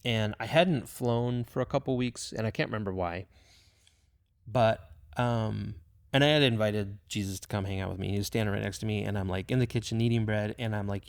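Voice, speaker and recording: Young male pilot, casual and emotional storyteller, gravelly tone, dry close sound. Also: fairly low pitch, brisk, no echo. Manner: animated, emotional, filler-heavy. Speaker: missionary pilot.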